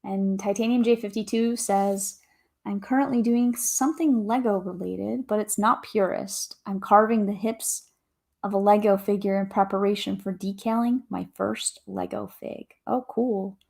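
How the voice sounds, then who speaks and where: A woman's voice: mid-range voice, steady tone, moderate pace, creaky, a little mellow. Cheery young woman, livestream host, chatty, reading out viewer comments. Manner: upbeat, reads viewer comments aloud. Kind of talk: casual livestream chat.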